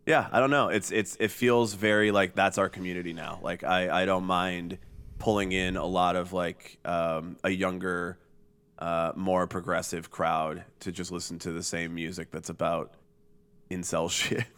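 A man with a very low, deep voice chats loosely on a podcast. He jokes, trails off and restarts his sentences often, filling gaps with "uh" and "like.". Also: flat delivery, normal speed, fairly bright tone, smooth. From Chicago area. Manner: rambling, joking, many fillers and restarts. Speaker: podcast guest, emo night organizer. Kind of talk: casual podcast chat.

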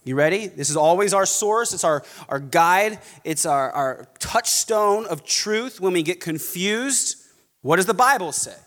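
A man preaching a sermon, animated, mocking snobby voices now and then. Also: high-pitched, a little slow, big-room sound. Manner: animated, mocks snobby voices in quoted asides. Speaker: pastor.

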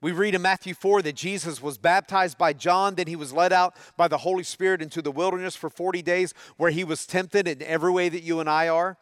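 A man's voice: sits high, steady tone, brisk, few pauses, fairly bright tone, dry recording, studio quality. A middle-aged man preaching a sermon, talking conversationally and putting questions to his audience. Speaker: pastor.

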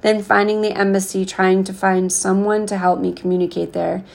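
A woman reading a novel aloud in an unhurried, earnest way. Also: medium pitch, flat delivery, creaky. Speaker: reader.

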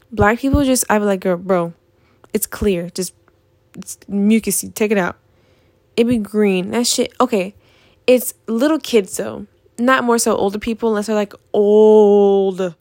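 A woman's voice: a little high, darkish tone, no echo. A young woman in a casual vlog, ranting in an exasperated, profane way about things that annoy her. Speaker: vlogger.

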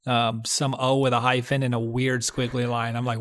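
Male podcast co-host, mid-pitched voice, earnest and heartfelt, casual storytelling over a video call. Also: completely flat delivery, normal speed. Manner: earnest, heartfelt storytelling with restarts and soft laughs. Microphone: video call setup.

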